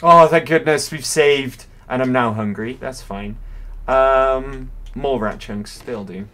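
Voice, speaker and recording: A man's voice: mid-range voice, slow pace, pushed and bright. A man commentating his game live, musing aloud in a rambling, curious way. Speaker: game streamer. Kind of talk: livestream gameplay commentary.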